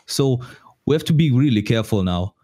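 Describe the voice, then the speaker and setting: A man's voice: mid-range voice, animated, a little fast, dark tone, natural voice. A man voicing a nervous male wagon driver from a stone quarry, his put-on accent drifting from one to another. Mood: uneasy.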